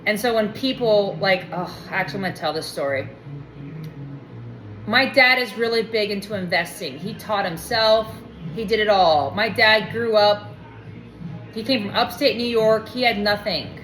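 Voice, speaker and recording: A woman's voice: mid-range voice, normal speed, fairly bright tone, soft background music. A woman telling a personal story in a casual, digressive way, often drifting off track and acting out what people said. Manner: rambling, digressive, acts out quoted dialogue. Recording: roomy echo.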